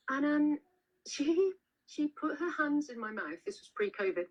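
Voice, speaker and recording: A woman's voice: medium pitch, big pitch swings, a little fast, low-quality recording. A woman author being interviewed over a video call, telling stories in a chatty way with many restarts and fillers. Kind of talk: casual interview chat.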